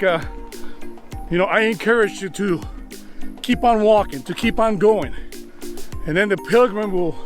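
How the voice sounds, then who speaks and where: A man out of breath, talking to his viewers while he climbs a steep mountain trail outdoors, huffing and full of enthusiasm. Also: high-pitched. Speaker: travel vlogger. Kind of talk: walking vlog narration.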